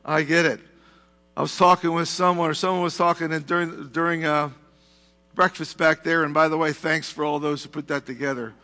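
A man's voice: on the high side, little pitch movement, brisk, bright, forceful tone, in a large hall. A male pastor preaching a sermon in a church, talking conversationally with asides to the congregation. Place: church sanctuary.

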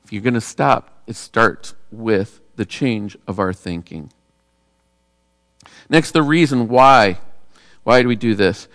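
A man, a pastor, preaching a sermon in a relaxed, conversational way and asking the congregation rhetorical questions. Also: lowish voice, slow, long pauses, dry recording, studio quality, big-room sound.

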